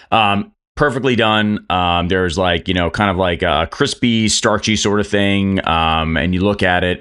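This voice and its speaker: A man's voice: low voice, a bit bright. A man narrating a tabletop game as game master, rambling through scene description with many fillers.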